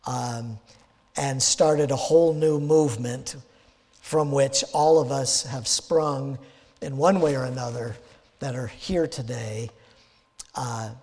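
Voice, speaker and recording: A man's voice: fairly high pitch, in a large hall. A man preaching an earnest sermon as pastor, building to emphatic quoted passages and often restarting his phrases.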